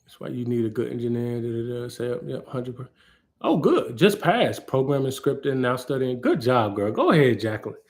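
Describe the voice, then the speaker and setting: A man, a cloud architect, hosting a live Q&A in an animated, playful manner, acting out little scenes as he talks. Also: medium pitch, a little fast. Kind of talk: casual livestream talk. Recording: roomy echo.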